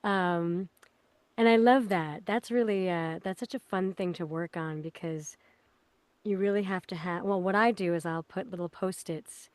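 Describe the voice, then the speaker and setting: A woman's voice: on the low side, moderate pace, no echo. Chatty woman voice actor, dry close sound. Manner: bubbly, laughs, demonstrates voices. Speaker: voice actress guest. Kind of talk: casual interview chat.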